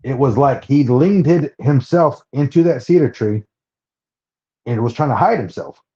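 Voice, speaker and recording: A man from Oklahoma telling his own story as a podcast guest, his voice warm and mellow. He talks haltingly, often restarting and repeating words. The sound is dull and a little lo-fi. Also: mid-range voice. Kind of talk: personal storytelling.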